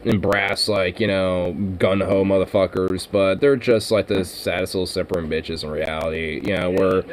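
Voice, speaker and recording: A man's voice: deep voice, steady tone, moderate pace, a little hiss or hum, rough recording. A man in casual, profane podcast banter, rambling with lots of fillers and frequent laughs.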